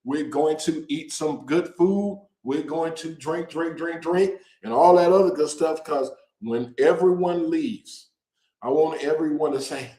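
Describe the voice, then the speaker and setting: A man hosting a casual show, talking to viewers in an animated, joking way and drawing out words for emphasis. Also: fairly high pitch, takes it slowly, reverberant, rough recording. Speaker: host. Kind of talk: casual direct-to-camera promo talk.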